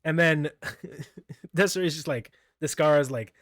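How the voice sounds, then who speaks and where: A man's voice: a little high, a little slow, fairly bright tone, no room sound, clean studio sound. A man recapping manga chapters in a casual solo talk, rambling, laughing often and stumbling over names. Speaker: manga reviewer.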